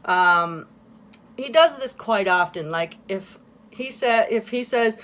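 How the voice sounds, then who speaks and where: Speaking on the high side and expressively, a woman records a confessional vlog monologue. Her delivery is candid and hesitant, full of fillers and restarts, and she often drifts off quietly.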